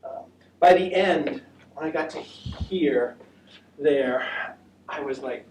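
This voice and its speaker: A man's voice: a little high, slow, darkish tone. American man, casual talk presenter, rambling and friendly delivery; roomy sound, faint noise, distant mic. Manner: chatty, rambling, with many fillers and restarts. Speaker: presenter of a walking trip talk. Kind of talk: casual presentation with audience questions. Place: senior center room.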